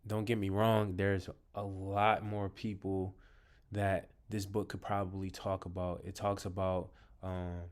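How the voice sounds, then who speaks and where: A man with a fairly low voice talks casually to his viewers about books he loves. He rambles, fills pauses with ums and restarts his sentences. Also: clear, resonant tone. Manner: addresses viewers as "you guys". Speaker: vlogger reviewing books. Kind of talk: casual talk to camera.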